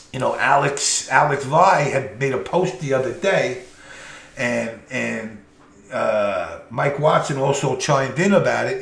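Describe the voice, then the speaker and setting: A middle-aged man hosting a podcast, telling a profane, animated story full of quoted dialogue. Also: medium pitch, creaky. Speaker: podcast host. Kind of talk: casual storytelling. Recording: echoey room with faint noise.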